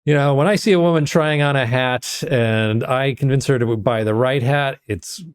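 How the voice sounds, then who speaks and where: A man's voice: medium pitch, moderate pace, clean tone. Dry-humored man in casual film talk. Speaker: podcast co-host.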